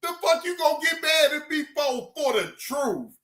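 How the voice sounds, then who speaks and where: A man doing loud, profane reaction commentary, laughing a lot and repeating himself. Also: very high voice, sing-song, moderate pace, reverberant. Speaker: reaction streamer.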